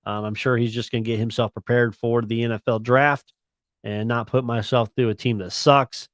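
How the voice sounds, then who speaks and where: A man's voice: medium pitch, flat delivery, normal speed, no room sound. A man co-hosting a sports radio talk show, chatting casually and slangily about college football and picks. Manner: laid-back, chatty, slangy.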